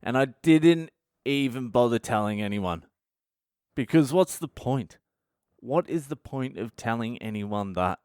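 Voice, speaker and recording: Australian man, middle-aged, comic monologue, profane rants, smooth clear voice, dry close sound. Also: mid-range voice, expressive, a little slow, darkish tone, no room sound. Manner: profane, ranting, self-mocking. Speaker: comedian podcast host.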